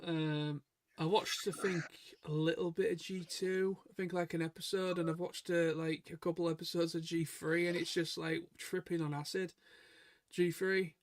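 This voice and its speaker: A man's voice: fairly high pitch, level tone, moderate pace. A man co-hosting a casual chat stream, rambling and chatty, stumbling over and repeating his words. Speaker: stream co-host.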